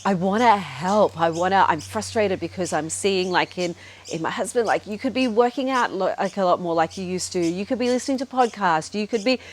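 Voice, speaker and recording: A woman's voice: medium pitch, brisk, slight background noise. A middle-aged woman hosting a podcast, telling a personal story in a chatty, frank way, full of "like" and "you know", now and then swearing. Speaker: podcast host.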